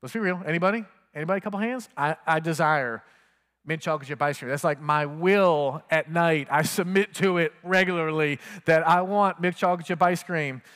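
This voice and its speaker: A man's voice: a little high, normal speed, fairly bright tone, in a large hall. A man preaching a sermon as pastor, talking conversationally and asking the congregation questions.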